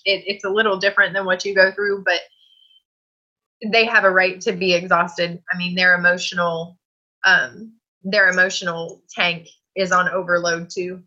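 Bright-voiced woman telling her story. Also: lowish voice, dull audio. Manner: chatty, earnest, laughs easily. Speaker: guest. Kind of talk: personal storytelling in conversation.

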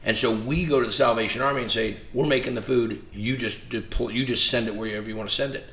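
A man appearing as an interview guest tells stories animatedly in casual conversation, acting out the quoted dialogue. His voice is medium-pitched and fast. The room is echoey, with faint noise.

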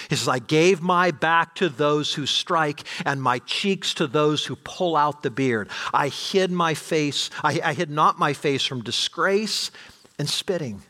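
A middle-aged man preaching a sermon to his congregation, animated, with rhetorical questions and rising intensity. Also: mid-range voice. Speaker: pastor.

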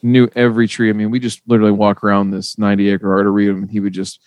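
A man hosting a podcast, telling stories in a casual, profane, animated way. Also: lowish voice, rapid-fire, slight background noise. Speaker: podcast host. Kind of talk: casual chat.

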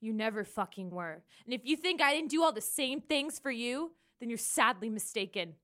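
A woman's voice: on the high side, animated, moderate pace. A woman playing a defiant young woman in a tabletop game, pushing back with rising anger. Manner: defiant, rising to angry shouts.

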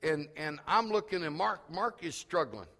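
A pastor preaching a sermon, telling a story that swells into shouted calls to the congregation. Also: male voice, fairly high pitch, animated, moderate pace, long reverb tail, soft background music. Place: church sanctuary.

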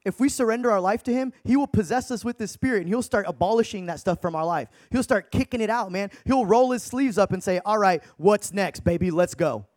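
High-voiced man preaching in street slang. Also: fairly quick, hardly any pauses, no echo, clean studio sound. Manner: casual slang-heavy, calls listeners dude and bro; animated, swings between hushed and loud. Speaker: evangelist. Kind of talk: energetic storytelling sermon.

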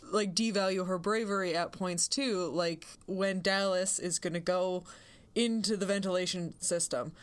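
A woman co-hosting a podcast, recapping a film's plot in a relaxed, conversational way. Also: lowish voice, moderate pace, clear, resonant tone. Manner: relaxed, recapping plots in plain storytelling. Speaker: podcast co-host. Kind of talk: casual film recap.

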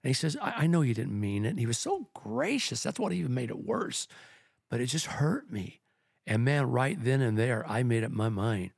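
A middle-aged pastor with a gravelly, somewhat husky voice talks earnestly through personal anecdotes. He speaks on a podcast in a relaxed, conversational way. The sound is close and dry. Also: medium pitch, normal speed, dry recording. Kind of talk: casual podcast discussion.

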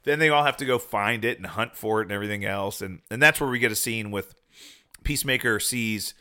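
A man's voice: fairly low pitch, clean tone. A man in a casual chat, animatedly retelling a TV episode and acting out the characters' lines. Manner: animated retelling, acting out dialogue in quick voices. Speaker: podcast co-host.

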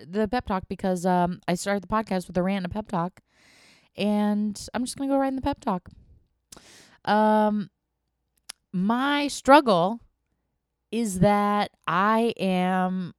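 A woman's voice: fairly low pitch, smooth, no echo, studio quality. A woman hosting a podcast, talking candidly in a casual monologue, with frequent ums and restarts and some swearing. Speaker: podcast host.

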